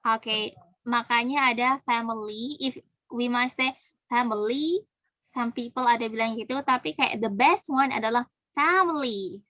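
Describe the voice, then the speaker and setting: A woman's voice: a little high, steady tone, moderate pace, pushed and bright, dry recording, rough recording. A young woman with an Indonesian accent teaching English pronunciation, mixing English and Indonesian as she quizzes her students. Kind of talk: pronunciation lesson.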